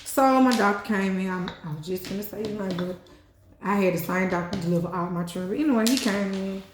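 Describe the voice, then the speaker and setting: A woman telling her life story in a casual storytime vlog, chatty and animated, swearing and leaning on fillers like "you know what I'm saying". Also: medium pitch, fast talker, background noise. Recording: echoey room.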